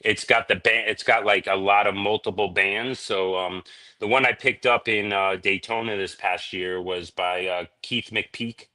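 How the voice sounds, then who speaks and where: Casual male podcast guest, bright lowish voice, rambling storyteller. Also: fairly even intonation, a little slow. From Florida. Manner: laid-back, rambling, peppers speech with "man" and "dude". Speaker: reptile breeder, podcast guest.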